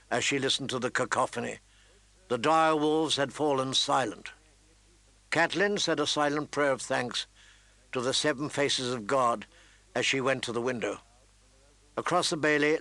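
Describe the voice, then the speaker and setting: A man narrating a fantasy audiobook in a measured, steady storytelling manner. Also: a little high, no echo. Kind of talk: scripted narration.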